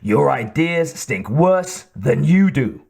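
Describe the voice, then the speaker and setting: A man reading an audiobook voices a burly, belligerent male poacher with a Western American twang, rough and defiant. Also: fairly high pitch, lively intonation, slow, a little mellow, heavily acted. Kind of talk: audiobook narration.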